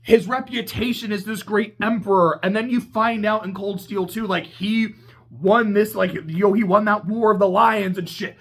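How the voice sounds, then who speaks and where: A game reviewer ranting in a casual video essay, excitable and profane, rambling and laughing at their own tangents. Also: medium pitch, normal speed. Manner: laughs mid-sentence and corrects itself.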